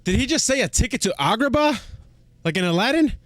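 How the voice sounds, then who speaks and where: A man's voice: extremely high pitch, animated, fast talker, a bit bright, dry recording. A man hosting a reaction video, giving casual, amused and enthusiastic comments. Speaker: reaction channel host.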